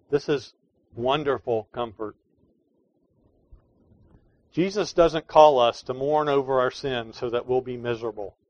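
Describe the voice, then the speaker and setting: A man preaching a sermon as pastor, earnest, moving between quiet pleading and emphatic declarations. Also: mid-range voice, no room sound. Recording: dry, dull lo-fi sound.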